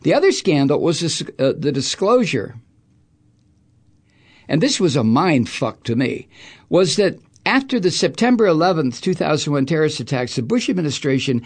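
A man's voice: a little high, big pitch swings, normal speed. A middle-aged man hosting a talk radio show, ranting about politics in an angry, profane, sarcastic way. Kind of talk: political rant.

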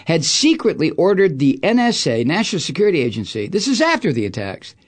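A man's voice: fairly high pitch, huge pitch swings, brisk. A middle-aged man hosting a talk radio show, ranting about politics in an angry, profane, sarcastic way. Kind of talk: political rant.

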